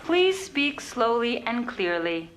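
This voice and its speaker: A woman with an American accent voicing a calm, politely unhelpful automated elevator. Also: on the high side, slow pace.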